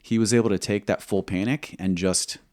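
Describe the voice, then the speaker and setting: A man who served as a military pilot, telling a combat story in an interview, measured and halting, acting out quoted dialogue. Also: fairly low pitch, steady tone, a little mellow, no echo, clean studio sound.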